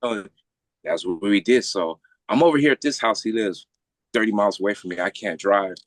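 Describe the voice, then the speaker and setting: A man's voice: on the low side, fairly quick, dry recording. A man telling a personal story as a podcast guest in casual, blunt, profane street slang. He keeps checking in with "right?".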